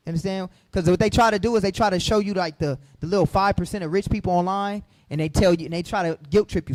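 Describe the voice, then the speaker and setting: A man teaching from the Bible to a group, fiery and preachy, firing questions at the room and rising to shouts. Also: high voice, lively intonation, brisk, no echo.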